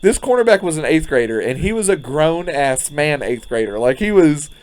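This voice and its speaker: A man chatting casually as a podcast co-host. His voice sits high and leaps around a lot as he spins a story. He breaks into laughter often. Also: animated, normal speed. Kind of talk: casual chat. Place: front porch.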